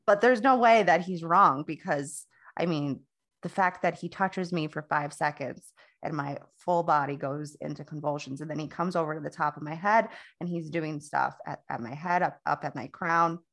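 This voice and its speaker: Low-voiced woman telling a rambling story. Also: moderate pace, fairly bright tone. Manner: rambling storyteller, many restarts and quoted dialogue. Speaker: podcast co-host. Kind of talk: casual chat.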